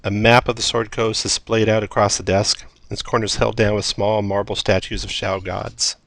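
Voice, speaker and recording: Low-voiced man narrating a tabletop game. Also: level tone, moderate pace, vocal fry, a bit bright, no echo. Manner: descriptive, with fillers. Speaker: dungeon master.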